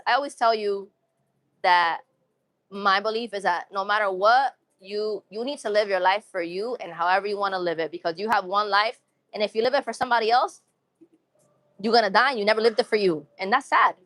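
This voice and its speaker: A woman's voice: medium pitch, fairly quick, a bit bright, no room sound. A young woman from Massachusetts with a New England accent and some urban slang, chatting casually and upbeat with viewers on her livestream, often repeating phrases. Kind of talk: casual live-stream chat with viewers.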